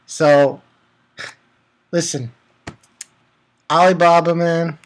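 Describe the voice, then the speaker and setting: A man hosting a casual manga review vlog. He laughs often and swings between loud outbursts and mumbled asides. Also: on the high side, fairly even intonation, drawn-out words. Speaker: manga reviewer, channel host.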